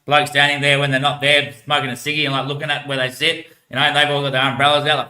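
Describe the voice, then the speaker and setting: A man's voice: a little high, fast, sharp tone. A man talking in a rambling casual monologue, swearing freely and laughing often, recorded in an echoey room.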